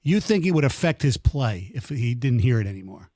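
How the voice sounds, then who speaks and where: A man hosting a sports talk radio show, taking calls and reading out the phone number in a measured way. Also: mid-range voice, sing-song, mellow, dry recording, clean studio sound. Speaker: radio host. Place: radio studio.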